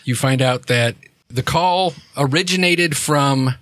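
A man at a mid pitch running a tabletop game as game master. He talks in an easy, relaxed way, often restarting his sentences. The sound is dry and close. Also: slow pace, no room sound.

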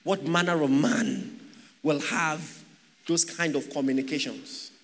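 A man's voice: fairly high pitch, fairly even intonation, unhurried, fairly bright tone. A man preaching a sermon, asking the congregation rhetorical questions and joking with them. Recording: long hall reverb.

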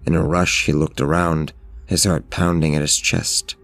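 A man narrating a scripted horror story in a measured, steady way. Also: very deep voice, no room sound.

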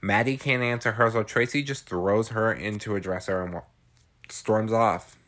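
A man's voice: lowish voice, fairly even intonation, moderate pace, a bit bright. A man hosting a podcast, recapping a film in chatty, slangy casual talk with lots of filler words. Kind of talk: casual chat.

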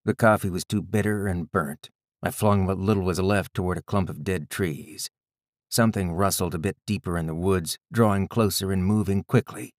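A man reading a first-person story aloud in a measured, gritty storytelling manner. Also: deep voice, fairly even intonation, no echo, clean studio sound. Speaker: audiobook narrator. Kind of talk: scripted first-person narration.

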